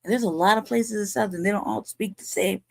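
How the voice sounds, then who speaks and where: A woman's voice: medium pitch, fast, vocal fry, no room sound. Profane ranting woman in her forties. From California. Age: 40s. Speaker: commentary show host. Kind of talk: heated livestream commentary.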